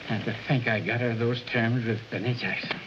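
A man's voice: mid-range voice, fairly even intonation, a little fast, background noise, natural voice. An actor playing a flustered, blustering male record company boss in 1940s film style. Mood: coaxing. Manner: blustering, then coaxing. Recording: dull old film soundtrack.

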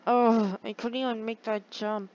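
Slow-talking woman narrating gameplay. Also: on the high side, dull audio. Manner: excitable, talks straight to viewers, gasps and groans at setbacks. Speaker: gaming channel host. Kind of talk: casual gameplay commentary.

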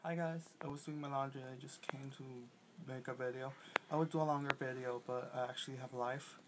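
A lazy, self-satisfied vlogger, played by a young man, mumbling quietly in a lowered, offhand voice. The lines come out quick and careless. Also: fairly even intonation, heavy background noise, lightly acted. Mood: smug. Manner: low, mumbled, smug. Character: smug lazy vlogger guy.

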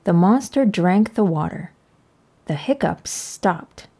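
Female read-aloud narrator for a children's book; slow, careful, mellow. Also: lowish voice, expressive, breathy edge.

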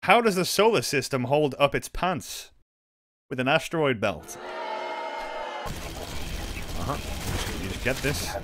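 A man's voice: mid-range voice, unhurried, pauses often. A young man streaming a game, chatting and reacting with yelps and laughs. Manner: excitable, swings into loud yelps and laughs. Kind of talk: gaming stream commentary.

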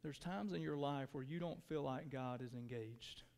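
A pastor preaching a sermon to his church, earnest, dropping to hushed tones and rising to pleading. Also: medium pitch, normal speed, creaky, smooth. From Texas. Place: church sanctuary. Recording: long hall reverb.

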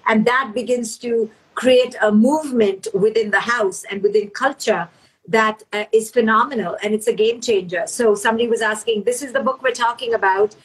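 A middle-aged woman speaking as a guest author in a conversational interview, fast and emphatic, sometimes acting out the voices she quotes. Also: fairly high pitch, slightly rough, rough recording.

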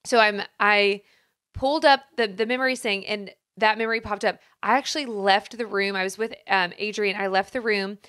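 A woman's voice: mid-range voice, fairly even intonation, moderate pace, fairly bright tone, clean tone. A woman in her thirties co-hosting a podcast, telling a personal story openly and with emotion. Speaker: podcast co-host. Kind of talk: casual podcast conversation.

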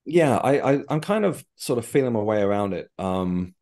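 Guest voice: man, low-pitched, rambling and chatty storyteller. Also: sing-song, normal speed, a little mellow. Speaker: guest, medium and author. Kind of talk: casual interview chat.

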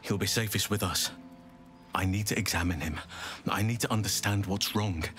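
A grave druid companion from a video game, voiced by a man in a deep, low register. He speaks in a solemn, measured way, with faint game music behind him. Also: fairly bright tone, natural voice.

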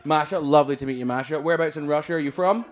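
A man's voice: a little high, racing. A Scottish man doing stand-up crowd work, teasing and profane, laughing as he talks. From Scotland. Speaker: stand-up comedian. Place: comedy club. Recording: live club mic with noise.

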